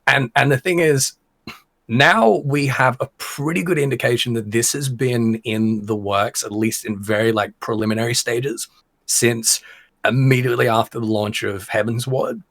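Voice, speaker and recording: A man's voice: medium pitch, fairly even intonation, moderate pace, fairly bright tone, no echo. A man talking on a podcast, chatty and sure of himself, explaining at length with plenty of fillers. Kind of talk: casual podcast chat.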